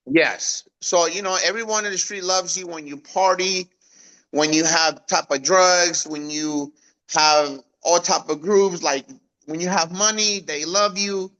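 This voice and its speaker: A man in his thirties from Guatemala tells his life story as an interview guest. His voice is bright and sits a little high for a man. He acts out the people he quotes in a lively way. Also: a little slow, rough recording. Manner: animated, acts out quoted voices with raised pitch.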